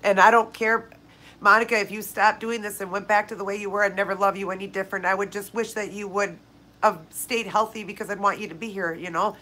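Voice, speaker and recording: Tearful and crying, a woman running a live viewer Q&A talks casually and from the heart, naming viewers directly. She speaks briskly in a mid-range, pushed and bright voice with little pitch movement, over a rough recording.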